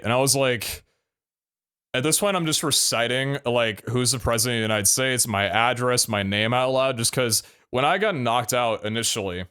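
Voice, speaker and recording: A man's voice: medium pitch, moderate pace, bright, forceful tone, clear, resonant tone. A young adult man streaming live, telling a story casually, full of laughs and casual swearing.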